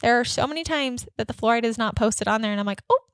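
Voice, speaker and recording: A woman hosting a dental practice podcast, coaching staff in an energetic, upbeat way and acting out both sides of patient conversations. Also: a little high, fast, smooth, no echo, studio quality. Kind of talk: instructional podcast with role-played office dialogue.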